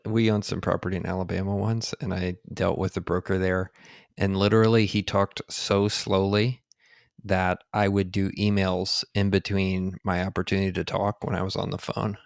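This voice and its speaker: A man's voice: low voice, normal speed, gravelly, no room sound, clean studio sound. A man hosting a podcast, chatting casually and laughing easily as he asks his guest questions. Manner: relaxed, laughs easily while asking questions. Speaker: podcast host. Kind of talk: casual interview chat.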